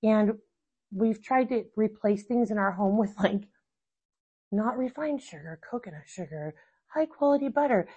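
Husky-voiced animated woman in her thirties. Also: mid-range voice, normal speed, dull audio. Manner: animated, acts out quoted family dialogue. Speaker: mother and guest. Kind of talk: casual conversation.

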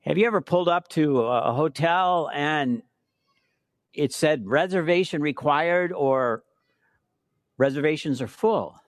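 A middle-aged man preaching a sermon, telling stories with emphatic repetition and shifting between hushed and forceful delivery. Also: fairly high pitch, unhurried, dry recording, clean studio sound. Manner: storytelling preacher, emphatic repetitions, animated swings from soft to loud. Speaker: pastor.

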